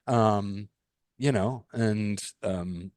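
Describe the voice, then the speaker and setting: A man co-hosting a casual podcast, telling a rambling, animated story with restarts and swearing. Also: lowish voice, drawn-out words, no room sound. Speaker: podcast co-host. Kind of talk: casual chat.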